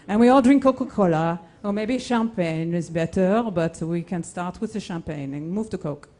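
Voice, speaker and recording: A woman voicing an excitable male commercials producer who talks emphatically and in a rush. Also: on the low side, normal speed, close to an everyday voice. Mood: excited.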